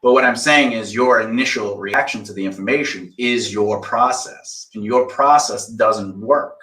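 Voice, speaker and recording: A man's voice: fairly low pitch, normal speed, bright, forceful tone, far from the mic. A man insistently lecturing a younger colleague in a heated casual argument. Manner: insistent, lecturing, mimics others. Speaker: mentor. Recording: echoey room, off-mic.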